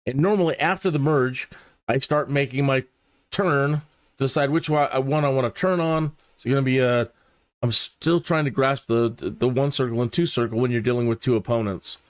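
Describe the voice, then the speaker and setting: A man tells the story of his flight sim dogfight in a mannered, self-mocking voice, close to a desk mic. The sound is dry, with no room around it, and his pitch sits in the middle. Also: normal speed, dry recording. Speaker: flight sim video host. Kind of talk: casual gameplay narration.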